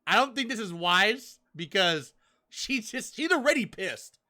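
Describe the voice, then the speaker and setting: Young male podcast host, bright tone, chatty and animated, reads out characters' lines. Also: high-pitched, a little slow. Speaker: podcast host reviewing manga chapters. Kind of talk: casual chat.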